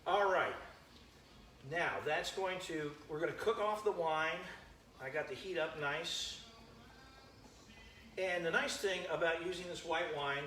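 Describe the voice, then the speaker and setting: A man's voice: fairly high pitch, bright, forceful tone, roomy sound, a little hiss or hum. A man hosting a live-streamed home cooking demo, chatting with viewers by name as he cooks in his kitchen. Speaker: home cooking show host.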